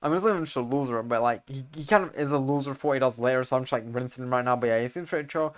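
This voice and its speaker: A young man casually recapping a comic, rambling in slang, correcting himself, and getting loud and excited over the fight scenes. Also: mid-range voice, racing. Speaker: video creator explaining comics.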